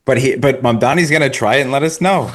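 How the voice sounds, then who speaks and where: A man co-hosting a podcast, chatting casually with wry quick asides. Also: medium pitch. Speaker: podcast co-host. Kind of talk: casual chat.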